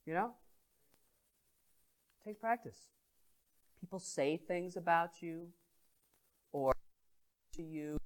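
A man's voice: on the high side, slow, long pauses. A man preaching a sermon as pastor, telling a story and asking the congregation questions. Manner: animated, addresses the congregation directly.

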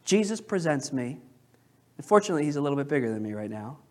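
A male pastor preaching a sermon in a church, questioning the congregation and slowing down to stress key phrases. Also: fairly high pitch, sing-song, darkish tone. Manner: emphatic, slows down on key phrases. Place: church sanctuary.

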